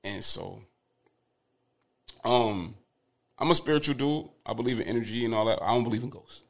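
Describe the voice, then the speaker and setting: Gravelly young man telling animated stories. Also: mid-range voice, moderate pace. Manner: animated, profane storytelling with laughter. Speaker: podcast guest, father of twins. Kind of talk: casual podcast storytelling.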